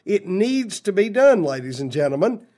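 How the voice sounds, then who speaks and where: A blunt, opinionated man hosts a political talk radio show. His voice sits fairly high for a man, and he mixes read-out quotes with pointed asides. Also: big pitch swings, normal speed, warm tone.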